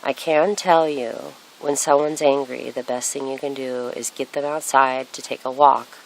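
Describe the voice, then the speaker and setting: Low-voiced woman musing earnestly. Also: steady tone, moderate pace, creaky, rough recording. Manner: reflective, earnest, many fillers and restarts. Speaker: spiritual speaker. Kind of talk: casual spiritual monologue. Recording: faint hiss.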